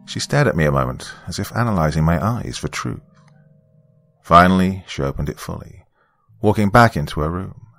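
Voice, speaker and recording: A man narrating a first-person story in a calm, measured, reflective way. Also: deep voice, gravelly, no room sound, soft background music.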